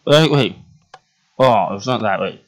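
A man's voice: on the low side, lively intonation, measured pace. A young man casually chatting and role-playing while playing a game, often laughing and trailing off with fillers. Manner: giggly, rambling, voices many characters. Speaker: game roleplay host. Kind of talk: casual roleplay gameplay chat.

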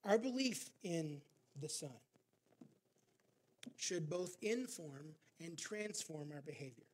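A man's voice: a little high, lively intonation, slow pace, husky. A male pastor preaching a sermon, narrating a story with frequent filler words.

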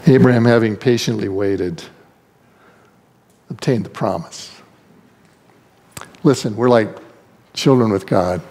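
Animated male pastor preaching. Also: takes it slowly, pauses often. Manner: animated storytelling, acting out voices with big pitch swings. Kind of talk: sermon.

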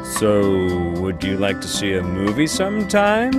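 An actor playing an eager, slightly awkward young police officer in an animated cartoon. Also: male voice, low voice, a little slow, over loud music. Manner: lively, eager and a bit awkward. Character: eager young male cop.

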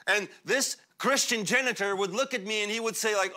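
A young man born in Russia, a pastor preaching a sermon in a church, animated and chatty, laughing often and using many fillers. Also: sits high, a little fast. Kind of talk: sermon with personal storytelling. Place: church sanctuary.

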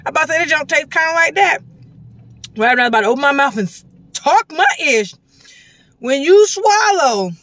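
A woman reviews a drink in a loose, slangy vlog. Her voice is bright and forceful, and the sound is close and dry with no room behind it. She breaks into loud, animated outbursts. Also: high-pitched, dry recording. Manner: slangy, animated, bursts into loud exclamations and laughs. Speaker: vlogger reviewing a soda. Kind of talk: casual taste-test vlog. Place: at a gas station.

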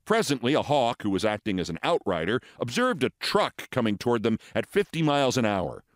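A man's voice: mid-range voice, fairly quick, no echo, studio quality. Theatrical man reading fables. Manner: expressive, theatrical storytelling. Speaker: host.

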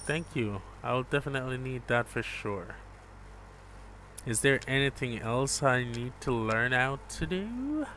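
Slow-talking man streaming a game. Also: mid-range voice, lively intonation, sharp tone, a little hiss or hum. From Jamaica. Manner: laid-back, chats with viewers, calls them bro. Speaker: gaming streamer. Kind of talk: live gameplay commentary.

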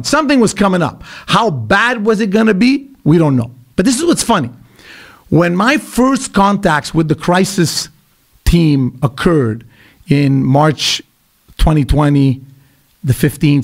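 A middle-aged man from Quebec, telling stories as a podcast guest in an animated, emphatic way with blunt asides. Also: on the high side. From Quebec, Canada. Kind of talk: casual podcast conversation.

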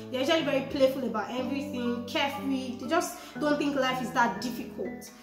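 A young woman, talking casually to her viewers about self-improvement, chatty and animated. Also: high-pitched. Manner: chatty, animated, raises voice when emphatic. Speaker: vlogger. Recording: echoey room with music behind.

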